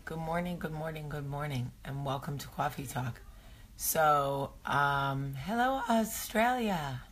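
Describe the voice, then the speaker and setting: A woman's voice: extremely low pitch, level tone, a little slow, a bit bright, a little hiss or hum. A woman from New Jersey with a New Jersey accent, hosting a casual morning vlog in a chatty, rambling, self-mocking way. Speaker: vlog host. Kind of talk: casual morning chat to camera.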